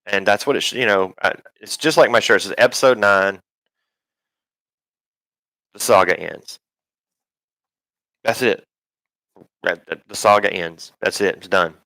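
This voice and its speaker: A man's voice: fairly low pitch, normal speed, pushed and bright, no echo, rough recording. A man hosting a live stream, rambling and swearing in casual talk, full of ums and restarts.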